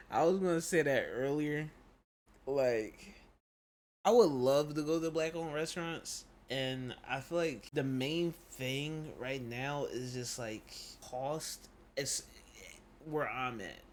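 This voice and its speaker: A man chatting on a reaction stream in African American Vernacular English, slangy and loose. He hammers his points with repeated phrases, voice sitting at an everyday pitch. A faint hum runs underneath. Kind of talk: casual reaction stream chat.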